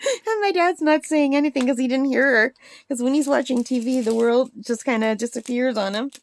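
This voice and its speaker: Middle-aged lady crafting vlog, rambly and chatty, fairly high voice. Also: brisk, a little hiss or hum. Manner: rambling, chatty, laughs often. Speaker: craft vlogger.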